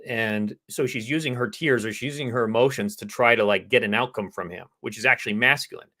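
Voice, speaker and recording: A man's voice: mid-range voice, brisk. A man co-hosting a dating advice show, earnestly explaining relationship ideas and answering viewer questions. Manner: earnest, explanatory, quotes women's pleas in a softer voice. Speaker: dating coach co-host.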